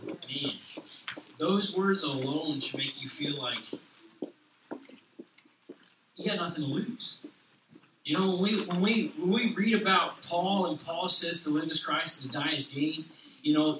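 A man preaching a sermon, reading a children's story aloud with lively character voices. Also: a little high, slight background noise. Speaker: pastor. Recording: echoey room from far off.

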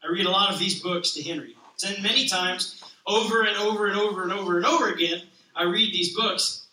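A man, a pastor, reading a children's picture book aloud with lively expression, then talking casually to open a sermon. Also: high-pitched, a little fast, roomy sound, recorded from a distance, rough recording.

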